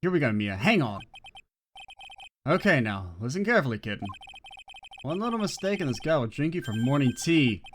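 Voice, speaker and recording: A player doing a low, smug coffee-loving prosecutor. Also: very animated, moderate pace, pauses often, a little hiss or hum, lightly acted. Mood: smug, teasing. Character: gravelly coffee-loving male prosecutor, cool and teasing.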